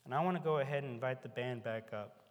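A pastor with a mid-range voice talks fast as he preaches a folksy, emphatic sermon. A band is on hand, and the large hall makes the recording echoey.

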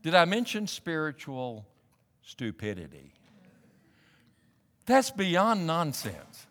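A man preaching a sermon as a pastor, animated and building up to emphatic, pressing questions. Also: on the high side, slow pace, long pauses, big-room sound. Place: church sanctuary.

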